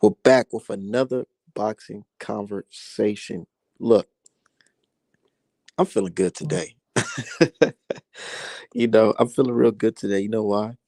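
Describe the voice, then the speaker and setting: Young man, boxing talk host, gravelly voice, heated profane rant, close dry sound. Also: measured pace, pauses often, warm tone, no room sound. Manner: profane, heated ranting that climbs high when worked up. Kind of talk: casual boxing commentary monologue.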